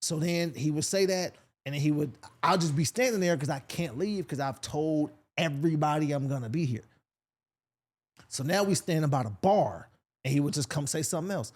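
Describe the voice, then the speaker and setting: A man's voice: on the high side, normal speed. A male comedian from Sacramento telling a story in a casual podcast chat, acting out the voices of the people in it. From Sacramento, California. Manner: animated, acts out voices in his stories. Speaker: comedian guest.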